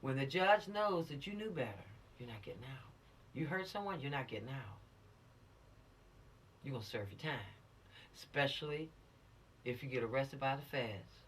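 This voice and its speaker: A teen law-literacy instructor with a very deep voice lectures emphatically at normal speed, pausing often. She speaks directly to the teenagers, urging them to keep out of trouble, in a lively, showy way. The mic is distant, with slight background noise.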